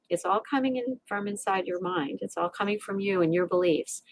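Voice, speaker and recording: Talking briskly with few pauses at medium pitch, a middle-aged woman, a resilience coach, tells a podcast audience an emotional story about herself. She's animated, acts out her inner voices, and restarts frequently, all in a dry recording.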